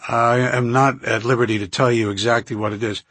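A firm government doctor presses his questions in a clipped, insistent manner, voiced by a man narrating an audiobook. The voice is husky and raspy. The recording is close and dry. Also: mid-range voice, fairly even intonation, brisk, a bit bright, dry recording. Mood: formal.

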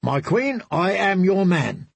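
A man's voice: high-pitched, very animated, slow, vocal fry, husky, no echo, pitched above the performer's own voice, heavily acted. A man voicing a wry young noblewoman.

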